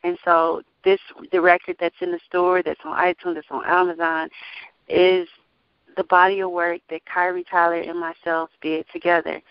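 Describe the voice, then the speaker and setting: A woman gospel singer and label owner talking casually in an interview, animated and testifying, laughing often. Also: fairly low pitch, normal speed, smooth, no echo. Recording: muffled dry sound.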